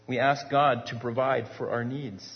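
A male pastor preaches in an easy, conversational manner, asking the congregation rhetorical questions and often repeating a word as he restarts. His voice sits at a middle pitch and trails off into a long reverb in a large church sanctuary. The sound is a little dull. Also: steady tone, moderate pace. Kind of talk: sermon.

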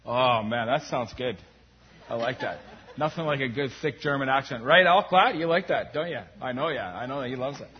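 A man's voice: mid-range voice, moderate pace. A man hosting an interview at a church service, casual and joking, with lots of fillers. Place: church in metro Vancouver. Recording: dull lo-fi sound.

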